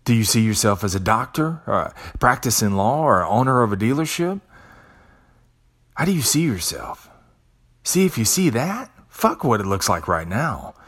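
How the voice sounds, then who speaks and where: A man's voice: medium pitch, big pitch swings, normal speed, fairly bright tone. A man hosting a podcast, giving a profane, preachy motivational monologue. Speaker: podcast host.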